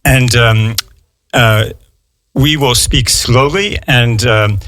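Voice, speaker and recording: A man's voice: mid-range voice, fairly bright tone, no room sound. Hesitant male radio host, dry studio sound. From United States. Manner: slow, hesitant, many fillers. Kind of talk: bilingual radio interview for learners.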